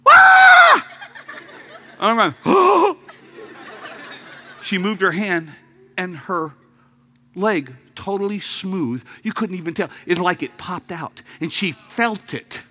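A man preaching a sermon as a story, acting out voices with laughs and sudden shouts. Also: high-pitched, very animated, takes it slowly, long pauses.

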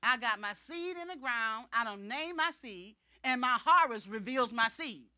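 A woman preaching a personal testimony in a bright, forceful voice, a little higher than most. She tells it as animated storytelling and acts out each exchange. The sound is close and dry. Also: normal speed, no echo. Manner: animated storytelling, acting out dialogue. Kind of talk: sermon testimony.

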